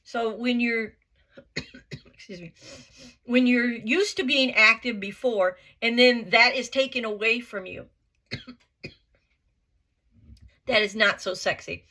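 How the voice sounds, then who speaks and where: A woman's voice: fairly high pitch, slow, long pauses, bright, forceful tone. A woman giving an earnest motivational vlog monologue, blunt and emphatic, repeating her points and swearing casually. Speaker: vlogger.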